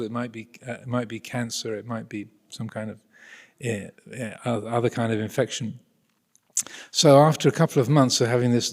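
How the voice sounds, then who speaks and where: A man's voice: medium pitch, a little mellow. Rambling, hesitant Englishman telling a story. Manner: rambling, hesitant, many restarts, chuckling. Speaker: speaker addressing an audience. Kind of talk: anecdotal spiritual talk.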